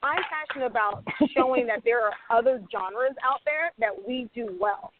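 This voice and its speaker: A passionate woman with a fairly high voice speaks on a radio panel, acting out snatches of conversation as she goes. Her voice comes through a thin, phone-like line. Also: normal speed, background noise. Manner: passionate, animated, acts out quoted dialogue. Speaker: screenwriter and panelist. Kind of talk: panel discussion. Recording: tinny phone-line sound, dry.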